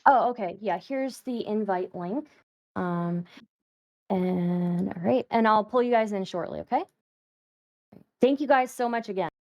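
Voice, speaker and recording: A woman's voice: medium pitch, a little slow, pauses often, a little mellow. A woman organizing a live stream, thanking people and giving setup instructions with many hesitations. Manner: hesitant, many ums and restarts. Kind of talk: casual announcements on a live stream. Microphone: video call.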